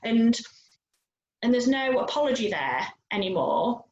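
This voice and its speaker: A woman's voice: fairly high pitch, very animated, a little slow, a little mellow, lo-fi sound. A woman hosting an interview as a coach, talking reflectively and at length with many asides. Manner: reflective, talkative, frequent "you know". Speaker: host and coach. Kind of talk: conversational interview. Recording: echoey room.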